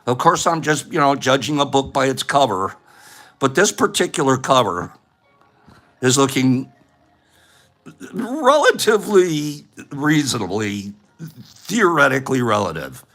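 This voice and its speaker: A man's voice: medium pitch, animated, normal speed, a bit bright. A man hosting a casual livestream, playful and laughing often as he reads viewer comments aloud. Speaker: livestream host. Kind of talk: casual chat.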